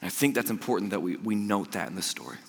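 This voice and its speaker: A young man preaching a casual, storytelling sermon as a youth pastor, chatty and animated, laughing often and stumbling over repeated words. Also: lowish voice, fast, gravelly, husky. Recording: long hall reverb.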